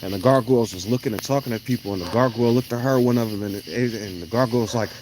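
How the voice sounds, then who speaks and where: A man, talking in a rambling, blunt monologue that swings into loud, emphatic bursts. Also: mid-range voice, fast talker, noisy background. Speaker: vlogger. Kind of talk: casual monologue on an evening walk. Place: outdoors at night.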